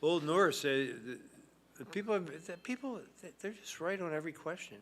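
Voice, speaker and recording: Hosting a live trivia stream, a man reads out questions and answers and drops in dry asides with a wry manner. His voice is a little high and animated, moving at a moderate pace, with a slight hiss or hum on the recording.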